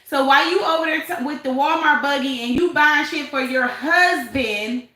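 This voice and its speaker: A woman hosts a live stream, reading out the chat and gossiping with sass and frequent laughter. Her voice sits a little high and sounds bright and sharp. The room around her is echoey. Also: normal speed. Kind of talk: casual live chat commentary.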